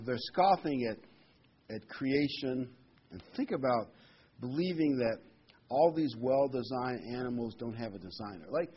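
Husky man preaching a sermon. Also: medium pitch. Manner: conversational, reads scripture slowly with emphasis. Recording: dull lo-fi recording.

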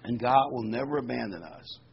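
A man's voice: mid-range voice, lively intonation, fairly quick, gravelly, husky. A man preaching a sermon, reading scripture with rising emphasis and adding folksy, conversational asides full of fillers. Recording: slightly dull, faintly noisy recording.

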